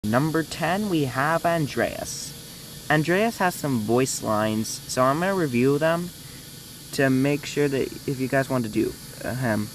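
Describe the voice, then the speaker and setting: A man's voice: medium pitch, animated, measured pace, noisy background. A young man hosting a casting call, talking casually in a rambling, hesitant way with many restarts. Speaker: video host running a casting call.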